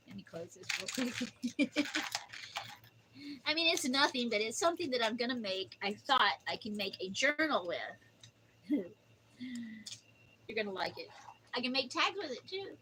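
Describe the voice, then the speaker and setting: A woman's voice: on the high side, very animated, measured pace, long pauses, bright, forceful tone, slight background noise, rough recording. An older woman chatting casually on her livestream, rambling through stories and cooing at her dog. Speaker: livestream host.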